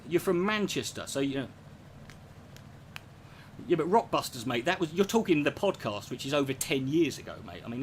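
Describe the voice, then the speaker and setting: A man's voice: on the high side, slight background noise. Sweary, rambling man. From England. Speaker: streamer answering chat. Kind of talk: casual profane rant.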